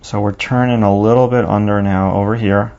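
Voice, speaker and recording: Gravelly low-voiced man teaching drawing. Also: steady tone, darkish tone. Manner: unhurried, talks himself through each stroke while drawing. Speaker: drawing instructor. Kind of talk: step-by-step drawing lesson. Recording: dull lo-fi recording.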